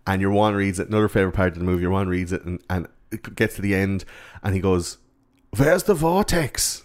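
A man's voice: deep voice, flat delivery, fast, clear, resonant tone. A man chatting casually about a movie, swearing and acting out quotes. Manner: profane, acts out quotes in silly voices.

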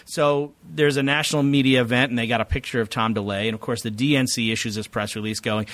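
A man's voice: medium pitch, fairly bright tone, no echo. A middle-aged man, a political science professor, giving long, detailed, lecture-like answers in an interview. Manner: rapid, detailed, lecture-like explaining.

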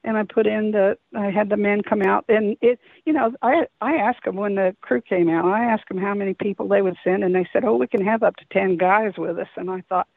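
Her mid-range voice holds a steady tone, moving a little fast with a creaky quality and few pauses. She's a woman phoning in a long story about an encounter, faltering and wandering through many restarts, all over a tinny, dry line.

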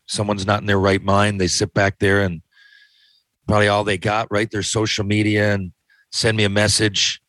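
Podcast host, male, low voice, profane, sardonic rambling, dry close mic. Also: fairly bright tone, no room sound. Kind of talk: casual podcast chat.

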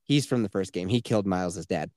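A man's voice: low-pitched, fast talker, a little mellow, no echo, studio quality. A man casually retelling a video game's plot on a podcast, profane and mocking. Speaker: podcast host. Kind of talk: casual game review chat.

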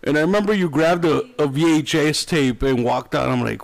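A man hosting a podcast, telling a story to friends in a casual, animated way and laughing as he goes. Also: fairly high pitch, normal speed, creaky. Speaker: podcast host.

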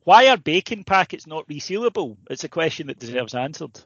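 A man's voice: a little high, very animated, brisk, a bit bright, no echo. A man co-hosting a casual comedy podcast, telling stories animatedly and swearing freely. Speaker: podcast co-host. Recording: dull lo-fi sound, dry.

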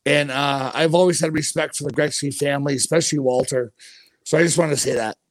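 A man's voice: a little high, fairly even intonation, brisk, dry recording. Man, forties, ex-hockey player, blunt swearing stories, casual podcast chat, dry sound. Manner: blunt, profane storytelling.

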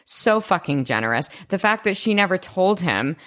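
A low-pitched woman co-hosts a casual podcast recap, her voice swooping up and down with lots of lively energy. She talks in quick bursts, swears freely and chats like she's with a close friend. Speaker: podcast co-host. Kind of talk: casual chat recapping a TV episode.

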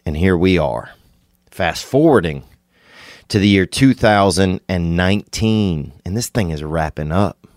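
A man from Louisiana delivering a rambling, digressive comedic monologue, now and then jumping into sudden high, excited bursts. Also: measured pace, no echo, studio quality.

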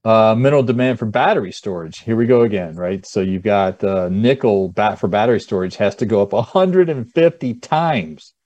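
A man's voice: on the low side, normal speed, darkish tone, no room sound, muffled recording. A man appearing as a guest expert on a podcast, talking bluntly and chuckling often as he walks through charts. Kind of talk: casual podcast conversation.

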